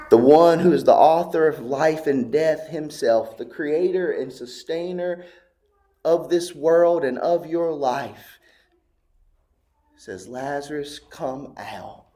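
Slow, dramatic male preacher. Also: on the high side. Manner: slow, dramatic preaching with long pauses and hushed moments. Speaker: pastor. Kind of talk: sermon.

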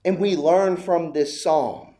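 Pastor guy preaching, slightly high voice, gets all fired up and repeats lines for emphasis. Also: slow, mellow. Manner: impassioned preaching, voice climbing high on pleas; repetitive emphatic cadence. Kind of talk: sermon.

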